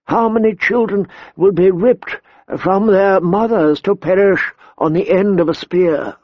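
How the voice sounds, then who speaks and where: A frail elderly scholar speaks in a slow, quavering, drawn-out voice, raised a little in pitch, as a man voices him in an audiobook. It is recorded dry and close, with a slightly dull sound. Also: dry recording. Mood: weary. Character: frail elderly male grand maester, weary and ponderous. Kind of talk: audiobook character voice.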